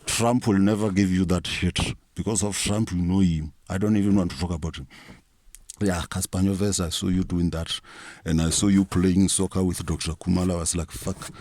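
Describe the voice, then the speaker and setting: Low-voiced South African man ranting comically. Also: fairly even intonation, fairly quick, darkish tone, no room sound, clean studio sound. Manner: rambling, profane, mock-preachy. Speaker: comic storyteller. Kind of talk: comic rant monologue.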